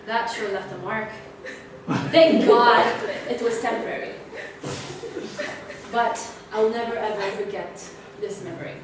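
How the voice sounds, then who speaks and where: A woman's voice: mid-range voice, fairly even intonation, normal speed. A young woman giving a prepared club speech, telling a playful story with animation. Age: young adult. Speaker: club speaker. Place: meeting room. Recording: echoey room, distant mic, background noise.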